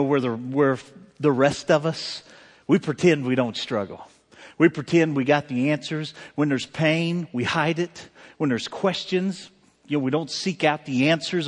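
A man, a pastor telling a personal story in a sermon, conversational and heartfelt, with many fillers and restarts. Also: a little high. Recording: long hall reverb.

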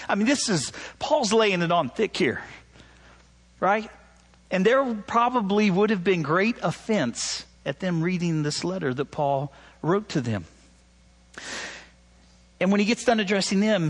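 A man's voice: high-pitched, moderate pace. A man preaching a sermon, asking his listeners "right?" and mimicking sarcastic tones when he quotes. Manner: animated preaching, rising loud on emphasis, asks "right?" often. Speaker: pastor.

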